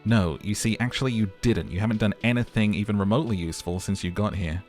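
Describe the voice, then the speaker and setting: A touchy, sarcastic cafeteria manager in a video game, mocking and exasperated, as a man puts him on. The voice sits very low, with faint music underneath. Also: fast talker, darkish tone, lightly acted.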